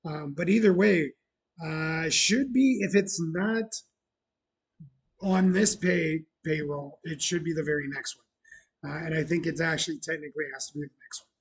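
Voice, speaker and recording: A man's voice: fairly high pitch, normal speed, husky. A man hosting a casual show about opening his bar, chatty and self-mocking, laughing often. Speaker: bar owner and show host. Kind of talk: casual chat.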